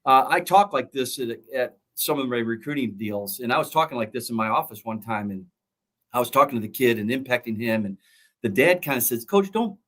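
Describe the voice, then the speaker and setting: A middle-aged man talking in an interview with the earnest drive of a motivational speaker. His voice sits at an ordinary pitch, and he repeats his key lines to hammer them home. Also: a little fast, a bit bright. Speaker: college football coach and former pro player.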